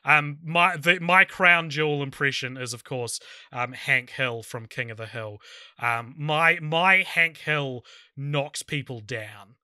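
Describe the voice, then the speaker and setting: Bright, teasing male podcast co-host. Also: mid-range voice, slow pace, no room sound, studio quality. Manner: joking, teasing. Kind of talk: casual chat.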